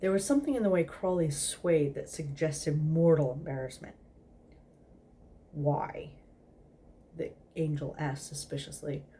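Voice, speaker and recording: A woman's voice: deep voice, normal speed, few pauses, warm tone, a little hiss or hum. A tipsy woman host reading a story aloud in a casual, giggly way, stumbling over words.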